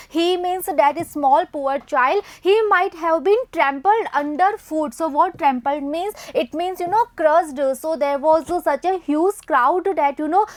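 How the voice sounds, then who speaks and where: A woman, teaching a story passage line by line and explaining word meanings with frequent "you know" and "okay". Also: very high voice. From India. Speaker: English teacher. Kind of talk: explaining a story text to students.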